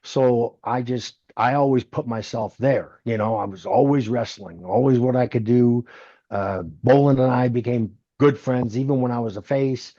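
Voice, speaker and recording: A man's voice: medium pitch, normal speed, dry recording. A man in his sixties, a former wrestler, telling stories in an interview and acting out other people's lines. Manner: animated storyteller who acts out others' lines. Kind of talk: storytelling interview. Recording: dull, dry, lo-fi sound.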